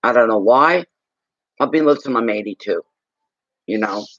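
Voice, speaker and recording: A man's voice: mid-range voice, lively intonation, moderate pace, a bit bright, dry recording, lo-fi sound. A man in his sixties, a psychic reader, chatting in a rambling, casual way on a livestream. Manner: rambling, chatty, talks while eating.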